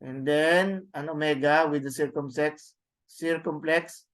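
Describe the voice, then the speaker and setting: A man teaching a class, slowly sounding out words and repeating them with tag questions. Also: on the high side, steady tone. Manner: slow, repetitive drilling with tag questions. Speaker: Greek teacher. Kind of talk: classroom lesson, reading words aloud.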